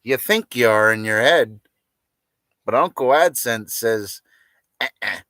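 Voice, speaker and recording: Brief: rambling livestream host, crude jokes, loose banter, dry close sound. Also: male voice, mid-range voice, animated, a little slow, bright, forceful tone, dry recording. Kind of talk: casual livestream rant.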